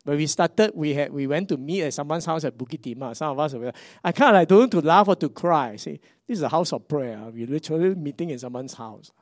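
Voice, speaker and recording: Animated Singaporean pastor preaching. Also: male voice, on the high side, fast talker, few pauses, no room sound, studio quality. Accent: Singaporean English. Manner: animated, swings between hushed and emphatic. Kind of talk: sermon.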